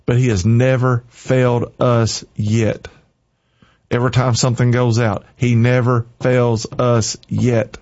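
Man, informal sermon, fervent punchy exhortations, mid-pitched voice, slightly dull recording. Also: little pitch movement, slow, darkish tone. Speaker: preacher.

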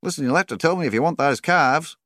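A man's voice: a little high, expressive, fast talker, a bit bright, no echo, clean studio sound, voice pushed up. A man reading an audiobook voices a talkative, pushy male cattle agent who keeps pressing a sale.

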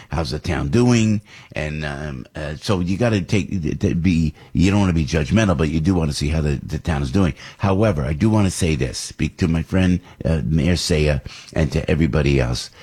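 A man hosting a radio talk show, rambling and animated, often asking rhetorical questions. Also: sits low, husky. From New Jersey. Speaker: radio host.

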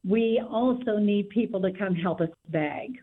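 A woman's voice: mid-range voice, a little slow, husky. A woman guest on a radio interview, speaking steadily and laying out volunteer details one after another. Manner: steady, informative, lists details. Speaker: guest, local party volunteer organizer. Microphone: telephone. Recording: tinny phone line.

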